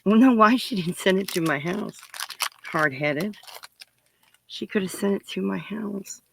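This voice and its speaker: A woman with a medium-pitched, unhurried voice and vocal fry hosts her crafting channel, with noise in the background. Chatting casually to viewers as she unboxes their parcels, she thinks aloud, gushes and giggles often.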